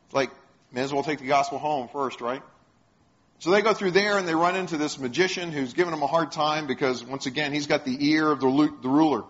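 A man's voice: on the high side, brisk, fairly bright tone. A man preaching a sermon, retelling stories and putting questions to the congregation. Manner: storytelling, asks the congregation questions. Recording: dull lo-fi sound.

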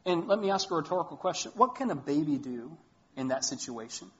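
Man, pastor, northern US accent, sermon, emphatic, slightly high voice, muffled recording. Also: animated, a little fast, fairly bright tone. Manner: earnest, emphatic preaching with swelling emphasis.

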